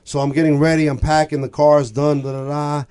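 A man's voice: a little high, brisk, clean tone. A middle-aged retired man from the New York area, telling rambling stories in casual chat and acting out the quotes as a podcast guest. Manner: rambling, animated storyteller who acts out quotes.

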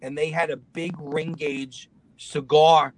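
A lively man tells his story as a guest, and his voice sits a bit high for a man. He jumps into other people's voices as he goes, keeping the telling loose and casual. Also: slow, no room sound, low-quality recording. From Long Island, New York.

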